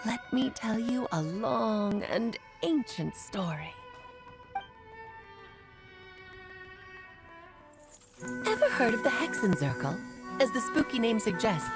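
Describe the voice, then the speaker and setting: A woman voicing a grand, playful female mage in a video game, with a theatrical, teasing storyteller's manner. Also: on the high side. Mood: storytelling.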